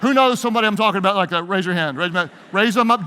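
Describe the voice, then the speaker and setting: A man's voice: high-pitched, fast, pushed and bright, a little hiss or hum. A man preaching a leadership sermon, leading his audience in call-and-response. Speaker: pastor. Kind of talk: sermon-style leadership talk. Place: large hall with live audience. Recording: long hall reverb.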